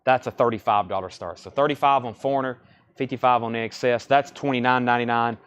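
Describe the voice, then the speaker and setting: A man selling records on a live stream from a record store, briskly repeating titles, condition grades and prices. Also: medium pitch, fairly even intonation, a bit bright, smooth. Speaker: record store livestream seller. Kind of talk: live sales patter.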